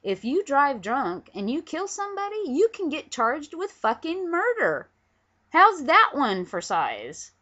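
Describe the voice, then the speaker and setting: A woman's voice: high voice, huge pitch swings, a little slow, sharp tone. A woman angrily ranting into a webcam at home, profane and emphatic. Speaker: vlogger. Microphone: camera on a pillow. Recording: dull lo-fi webcam audio.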